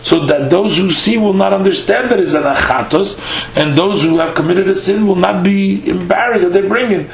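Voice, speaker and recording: A man teaching a daily Talmud lesson. He reads a phrase of the text, translates it, and explains it in a halting way with many "uh" fillers. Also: high voice, gravelly, roomy sound, poor audio. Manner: reads Hebrew-Aramaic phrases, then translates them.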